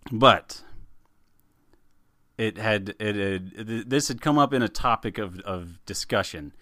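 A man co-hosting a podcast in casual chat, animated and laughing, often repeating words as he starts a sentence. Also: on the low side, slow pace, no room sound, studio quality. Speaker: podcast co-host.

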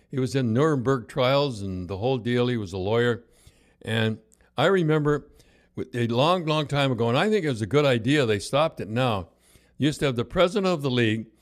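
Older guy, ex-coach, rambling lively yarns, lots of restarts. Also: medium pitch. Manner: rambling anecdotes, lively, many restarts and quoted voices. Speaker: former hockey coach. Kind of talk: casual storytelling chat.

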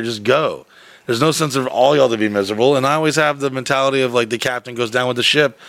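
A man's voice: medium pitch, fast, a bit bright, no room sound. Profane rambling man telling a story. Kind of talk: casual storytelling chat.

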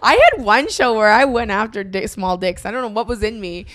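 A woman's voice: mid-range voice, fairly quick, fairly bright tone, slight background noise. A woman comedian co-hosting a podcast, chatting bluntly and laughing often as she tells stories. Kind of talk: casual comedic chat.

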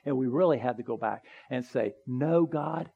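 A man preaching a sermon in a church, earnest and conversational, building to emphatic pleas and dropping to soft, quiet appeals. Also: medium pitch, fairly quick, slightly rough, narrow, tinny audio. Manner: conversational with small asides. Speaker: pastor. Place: church sanctuary, also live streamed.

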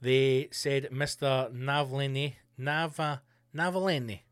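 A man hosting his own podcast, ranting in a profane, animated, mocking way and reading out news with sarcastic asides. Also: medium pitch, slow pace, smooth, no room sound, clean studio sound, faint music behind. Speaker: podcast host. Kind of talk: solo comedic rant. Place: home studio bunker.

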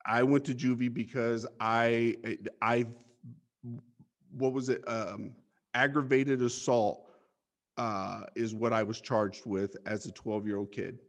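A man's voice: medium pitch, fairly even intonation, takes it slowly. A man as an interview guest, telling his life story bluntly, with swearing and stammered restarts.

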